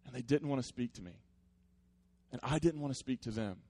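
A male pastor delivers a sermon in an earnest, conversational voice of middle pitch. He talks like he is chatting with friends, then settles into quieter, reflective stretches. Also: fairly quick, husky.

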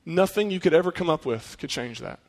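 A man delivers a sermon with a slightly higher voice than most men, speaking earnestly and conversationally. He keeps turning to his listeners with rhetorical questions, and his voice carries a long reverb as if he were in a large hall. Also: expressive, a little fast. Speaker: pastor.

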